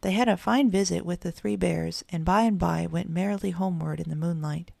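A woman reads a children's audiobook aloud in a gentle storytelling manner. Her voice sits low with a gravelly fry. The recording is close and dry. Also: fairly even intonation, fairly quick, dry recording. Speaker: audiobook narrator.

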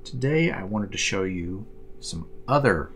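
A man talks through his collectible cards in a relaxed explainer video. He rambles a bit, with fillers and restarts. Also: on the low side, measured pace, slight background noise. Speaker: card collector host.

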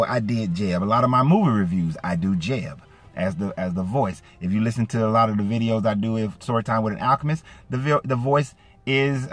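A man from Atlanta with a light Southern accent, giving casual, emphatic commentary to his viewers. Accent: light Southern US (Georgia). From Atlanta, Georgia. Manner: animated, emphatic, swings from low asides to raised indignant peaks. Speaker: YouTube commentator. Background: faint background music.

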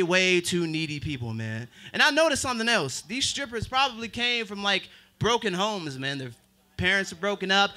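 A young man performing a stand-up comedy set on an open mic stage. He talks in a self-deprecating way, with drawled asides. His voice is high and very bright. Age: 20s.

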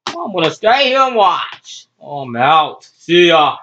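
Young man, excitable game play voice-over; yelps and groans, lively swings in pitch, dull home recording. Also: slow pace. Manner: yelps, groans and shouts reacting to the action. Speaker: video creator voicing game wrestlers.

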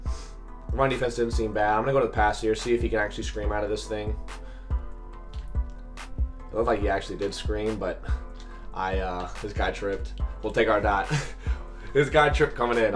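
A man with a raspy, hoarse voice from a cold, commenting on a football video game and cheering at plays. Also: on the low side. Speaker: gaming commentator. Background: faint background beats.

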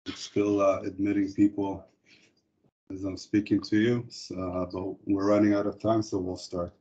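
A man presenting a corporate product webinar, speaking in a halting way with frequent hesitations. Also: deep voice, level tone, mellow. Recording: dull lo-fi webinar audio.

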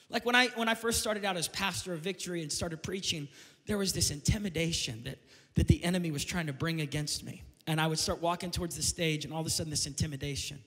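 A male pastor delivers a fiery sermon, rising again and again into shouted peaks. His voice sits high for a man. A long reverb from the church hall trails after every phrase. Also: fast. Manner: impassioned, building to shouted climaxes. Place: church sanctuary.

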